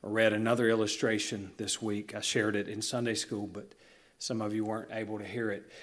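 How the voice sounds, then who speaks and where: A male pastor delivering a sermon in a church, earnest and illustrative, slowing down to stress key lines. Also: fairly low pitch. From Southern United States. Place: church sanctuary.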